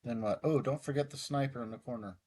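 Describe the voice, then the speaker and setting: Here the same middle-aged chess YouTuber speaks at a quick pace in a medium-pitched, slightly mellow voice. He thinks aloud casually over the puzzles, muttering move by move and teasing himself with self-deprecating bursts whenever he makes a mistake.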